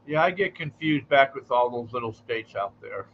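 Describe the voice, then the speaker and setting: A man's voice: medium pitch, animated, normal speed, lo-fi sound. A man hosting a radio talk show, easygoing and hesitant, often repeating words. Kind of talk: casual chat.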